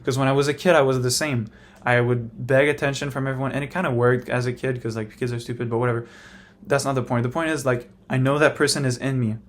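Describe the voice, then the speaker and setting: A man's voice: mid-range voice, steady tone, fast talker, slight background noise. A young man vlogging, talking frankly in a rambling, casual monologue full of "like" and restarts.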